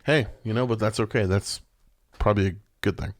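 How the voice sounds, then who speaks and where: Man, low voice, casual episode recap, lots of uh and you know, dry close sound. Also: brisk, no room sound. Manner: rambling, many restarts and fillers, checks his notes. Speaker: podcast co-host.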